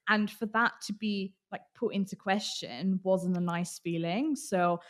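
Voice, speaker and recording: A woman's voice: mid-range voice, measured pace. A woman from Austria with an accent that is hard to place, talking openly as an interview guest and laughing often. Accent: British English blended, hard to place. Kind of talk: casual interview chat.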